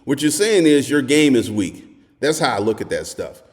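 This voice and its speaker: A man hosting a dating advice monologue, talking bluntly and crudely, telling stories with animation and at times shouting. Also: mid-range voice, big pitch swings, moderate pace, long reverb tail.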